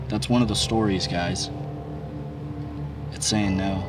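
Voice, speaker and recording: A man hosting a ghost-hunting vlog outdoors at a rural bridge. He is excitable and jumpy, swears often, and swings from hushed asides to sudden exclamations. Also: sits low, slow pace, pauses often. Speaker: paranormal investigator, vlog host. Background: music under the voice.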